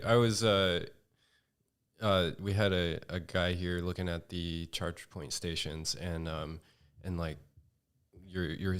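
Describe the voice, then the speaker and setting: A man from Northern California speaks as a guest in a relaxed chat. His voice is low and smooth, and he tells stories haltingly, full of fillers. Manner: hesitant storyteller, many fillers. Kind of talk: casual chat.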